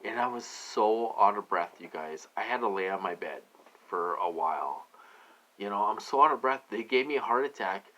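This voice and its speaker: Male vlogger, low pitch, forceful edge, rambling. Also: lively intonation, moderate pace, rough recording. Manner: rambling, with frequent fillers and "you guys" asides. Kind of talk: rambling casual monologue.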